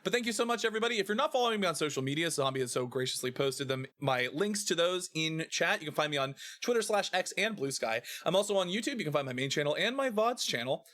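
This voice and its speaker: A young man hosts a live stream in a loose, playful chat. His voice swings up and down with lively energy and sits a little high. He laughs easily. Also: quick pace, hardly any pauses. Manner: animated, laughs often, playful. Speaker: streamer host.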